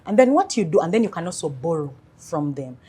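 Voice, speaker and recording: A woman financial coach giving earnest advice in an interview, telling animated stories. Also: fairly low pitch, a little fast, husky.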